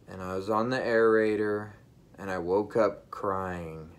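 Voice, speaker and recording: A man earnestly telling a personal spiritual testimony straight to his viewers, emphatic and halting with frequent restarts. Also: on the low side, steady tone. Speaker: vlogger sharing a vision.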